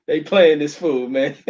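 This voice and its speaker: Brief: easygoing boxing guest, relaxed phrasing, dull remote-line audio. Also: male voice, on the high side, slow pace. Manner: laid-back, repeats "man", restarts phrases. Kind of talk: casual chat.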